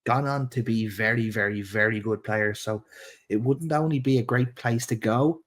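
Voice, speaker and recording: A man's voice: mid-range voice, moderate pace. A man co-hosting a football podcast, laid-back, swearing casually and laughing easily. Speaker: podcast co-host.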